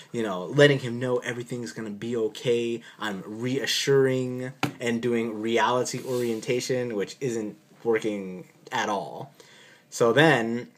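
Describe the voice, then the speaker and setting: Man, doctor, casual storytelling, dry sarcastic delivery, mid-range voice. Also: medium pitch. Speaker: physician recounting an on-call shift.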